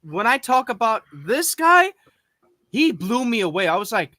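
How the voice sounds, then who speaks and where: A man's voice: high voice, very animated, unhurried, sharp tone, no room sound. A young man hosting a reaction channel, chatting eagerly with slang. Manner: enthusiastic, slangy. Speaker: channel host. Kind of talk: casual reaction chat.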